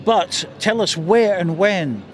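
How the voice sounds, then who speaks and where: A man's voice: high-pitched, expressive, takes it slowly, crowd noise. A man presenting radio street interviews outdoors, chatty and jokey as he plugs show times.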